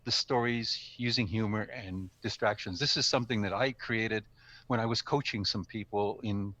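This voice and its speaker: A man's voice: fairly low pitch, steady tone, normal speed, pushed and bright, dry recording. An older man in casual instructional talk, explaining speaking tips in a conversational way with ums and self-corrections. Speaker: guest speaker, speaking coach. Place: live stream studio or room.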